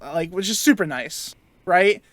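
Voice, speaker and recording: A man's voice: high voice, measured pace, dry recording. Man ranting through a story. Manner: animated storytelling, swears, gets louder as he vents. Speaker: podcast co-host. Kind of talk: casual chat.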